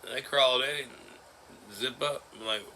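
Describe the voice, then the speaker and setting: A man in his forties talking in a personal vlog, halting and emotional, breaking into nervous laughs. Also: medium pitch, steady tone, bright, forceful tone, slight background noise. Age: 40s. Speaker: vlogger. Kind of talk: personal vlog recounting an ordeal.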